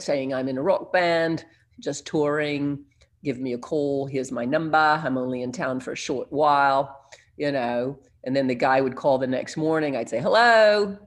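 Older man rambling through a recovery story. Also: mid-range voice. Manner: rambling, self-deprecating, with frequent pauses and restarts. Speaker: recovering alcoholic sharing his story. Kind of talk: personal recovery talk.

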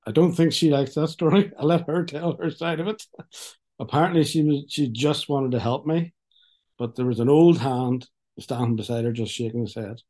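A man talks through his story at a recovery meeting. His voice is mellow and of middling pitch, and he speaks frankly with a wry, halting edge. He comes through a video call. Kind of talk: personal testimony.

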